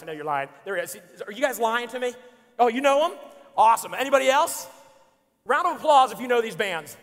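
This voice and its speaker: A man in his forties giving a playful storytelling sermon as a pastor, acting out his friends' lines. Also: very high voice. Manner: animated, playful, acts out friends' lines with shouts and laughs. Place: church auditorium. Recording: church hall reverb.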